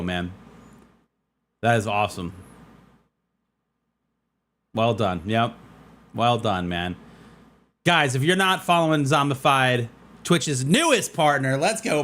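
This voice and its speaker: A man streaming a game, talking casually to his chat, tired and excitable, repeating himself with lots of "dude" and "man". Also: mid-range voice.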